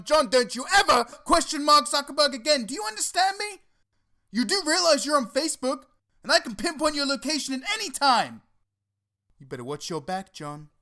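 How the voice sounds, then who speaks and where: A man's voice: extremely high pitch, pushed and bright, exaggerated voice. A man playing a fawning, creepy fake-news co-host in a comedy sketch, reading in a mock-newsreader way with menacing asides.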